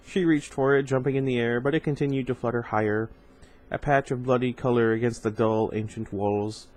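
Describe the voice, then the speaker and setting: A man's voice: mid-range voice, fairly even intonation, fairly quick, darkish tone, poor audio. A man reading a novel aloud in an informal way, with casual asides and stumbles over hard words. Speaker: reader.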